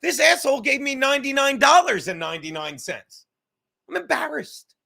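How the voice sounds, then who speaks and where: A man hosting a livestream podcast, rambling loudly and swearing as he reads chat comments. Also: very high-pitched, very animated, fairly quick, vocal fry. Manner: loud, rambling, profane, reading chat comments aloud. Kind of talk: casual chat.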